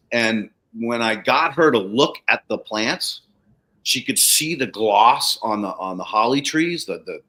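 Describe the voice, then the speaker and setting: A man's voice: mid-range voice, bright, forceful tone, low-quality recording. A man hosting a casual livestream chat, telling stories animatedly, acting out the people he quotes and swearing freely. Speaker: podcast host, soil treatment practitioner.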